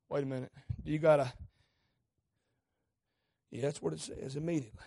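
A man preaches a sermon. His delivery is folksy and conversational, and it rises often into fervent shouting. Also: on the high side, fairly even intonation, a little fast, gravelly, pauses often, breathy edge.

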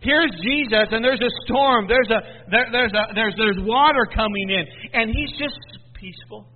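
A man preaching a sermon, swinging between hushed and loud, often repeating and stumbling over words. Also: very high-pitched, moderate pace, a little hiss or hum. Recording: tinny phone-like sound in a long echoing hall.

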